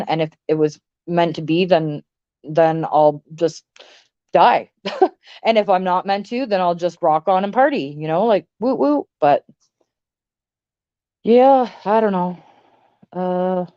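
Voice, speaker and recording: Woman streamer, lower voice, blunt and swearing, rambling rant to chat; dry, slightly dull mic. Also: a little mellow, no room sound. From Canada. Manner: blunt, profane, rambling with many "like"s. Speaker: livestream host. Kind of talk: casual livestream rant to chat.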